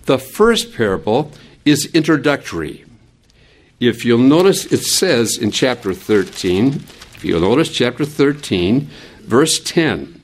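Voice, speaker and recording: An older American man teaching a Bible lesson in an animated, digressive way, chuckling now and then. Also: mid-range voice, measured pace.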